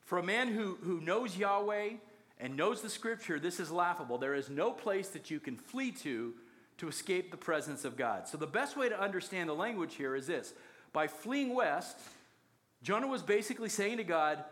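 High-voiced joking preacher. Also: male voice, normal speed. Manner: jokey, animated storytelling with acted quotes. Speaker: pastor. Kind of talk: sermon.

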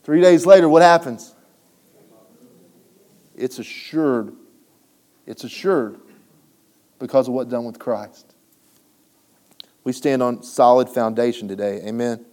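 A man's voice: medium pitch, normal speed, a little mellow. A man preaching a sermon, building emphasis and checking in with the congregation. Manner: preaching with rising emphasis and frequent "right?" asides. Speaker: pastor.

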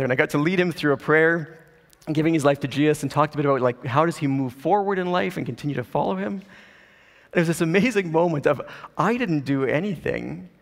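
A man's voice: a little high, fairly quick, creaky. Earnest male pastor preaching in a hall. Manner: earnest storytelling with casual asides. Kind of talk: sermon.

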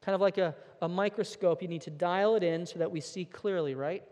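A man's voice: high-pitched, a little fast, darkish tone. A man preaching a sermon from the pulpit, earnest and emphatic, now and then repeating a word as he presses his points. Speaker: pastor. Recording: long hall reverb.

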